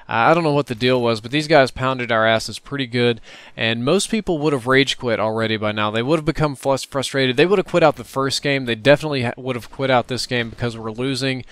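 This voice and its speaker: A man's voice: medium pitch, fairly quick, fairly bright tone, smooth, no room sound. Casual man narrating his gameplay. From United States. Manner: casual, rambling, wry. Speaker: gameplay commentator. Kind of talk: recorded gameplay commentary voice-over.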